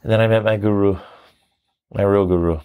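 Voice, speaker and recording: A man who teaches tantra, telling his story in a reflective, animated interview. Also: fairly low pitch, fairly quick, clear, resonant tone. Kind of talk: conversational interview.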